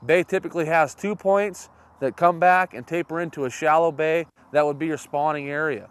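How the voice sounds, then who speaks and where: A man hosting a fishing show, teaching on a boat outdoors in a folksy way and bursting into excited exclamations. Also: on the high side, moderate pace, smooth. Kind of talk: outdoor fishing instruction and excited on-water chat.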